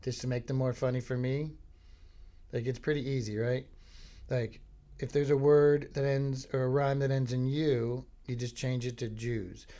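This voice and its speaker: A man from Florida hosting a podcast, telling meandering comic stories in a deadpan, filler-heavy way. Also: mid-range voice, normal speed. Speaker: podcast host. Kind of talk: rambling comic monologue.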